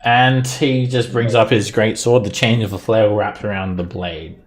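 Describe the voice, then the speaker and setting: Male game master, lower voice, chatty narration full of laughs and "uh"s. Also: fairly even intonation, normal speed, faint music behind. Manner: loose narration with frequent laughs and fillers. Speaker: dungeon master.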